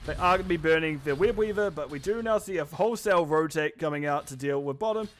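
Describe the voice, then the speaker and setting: A man casting a live esports match with quick, chatty play-by-play commentary, often correcting himself mid-sentence. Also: fairly high pitch. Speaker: esports caster.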